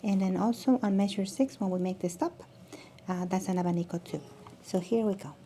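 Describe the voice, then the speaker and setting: A woman with a mellow, gravelly voice walks her students through a music lesson. She demonstrates as she explains and often doubles back to restart her sentences. A faint hiss of background noise sits under her voice. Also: mid-range voice, a little fast. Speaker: mariachi music teacher. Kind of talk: instructional video lesson.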